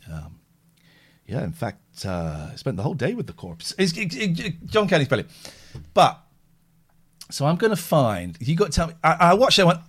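A man's voice: medium pitch, normal speed, slightly rough. A middle-aged man hosting a livestream and chatting casually, acting out voices when he tells a story. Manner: animated, acts out voices in anecdotes. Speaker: livestream host. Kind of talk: casual chat.

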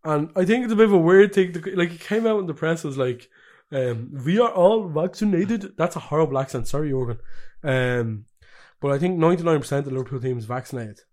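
A man's voice: on the high side, racing, hardly any pauses, a little mellow. A man co-hosting a football podcast, chatting casually and joking often. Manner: jokey, laughs often. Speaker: podcast co-host.

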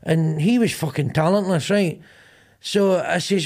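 Middle-aged Glasgow man, podcast host, rambling sweary storyteller, voice sits a touch high. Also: unhurried, a little mellow. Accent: Glaswegian Scottish. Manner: rambling, sweary storyteller acting out both sides of arguments. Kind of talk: casual comedic chat.

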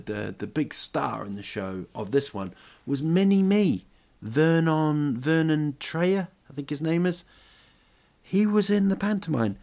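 A man's voice: medium pitch, gravelly. A man hosting a podcast, telling jokey stories in a rambling, casual monologue full of restarts. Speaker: podcast host.

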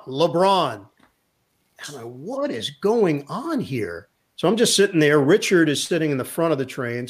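A middle-aged man and sports broadcaster, a guest telling a lively anecdote in an interview, acting out the lines of the people in his story. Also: fairly high pitch. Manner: lively anecdote teller who acts out quotes.

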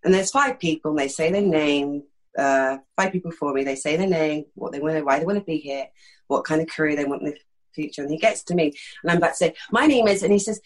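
A middle-aged actress from East London with a slight lisp, telling frank, animated stories in a candid interview. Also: female voice, low-pitched, fast talker, rough recording. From East London, England. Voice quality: slight lisp that sometimes creeps in. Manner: frank, animated storytelling with many fillers.

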